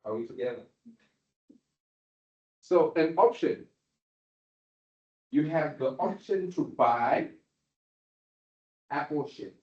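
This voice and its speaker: A man's voice: on the high side, animated, takes it slowly, pauses often, a little mellow. A man giving a university lecture, often asking students if they follow. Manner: questioning, checks understanding often. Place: lecture room. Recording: roomy, dull lecture-hall recording.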